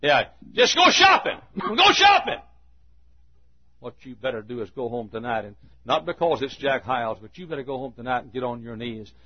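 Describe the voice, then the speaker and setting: An older preacher with a husky voice delivers a folksy sermon, chuckling between lines. He drops to near-whispers, then climbs to ringing, emphatic peaks. The recording sounds a little dull and muffled. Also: mid-range voice, fast. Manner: folksy storytelling preacher, chuckling, swinging from hushed to shouting. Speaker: pastor. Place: church.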